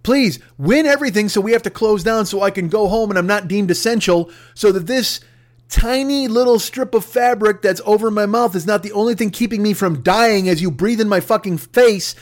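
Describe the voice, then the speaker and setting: A man's voice: high-pitched, normal speed, close to an everyday voice. A man voicing a weary male grocery worker who pleads to be let off work. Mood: pleading. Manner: pleading, exhausted.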